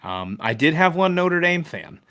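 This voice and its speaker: A man's voice: on the high side, measured pace. Chatty joking male podcast co-host. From Ohio. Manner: joking, chatty, animated retelling. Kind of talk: casual sports podcast chat.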